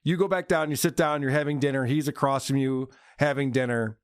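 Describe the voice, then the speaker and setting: A man hosting a podcast, prodding the caller with questions in an animated way and laughing often. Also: mid-range voice, a little fast, smooth, no echo, clean studio sound. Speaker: podcast host. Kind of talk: casual podcast chat.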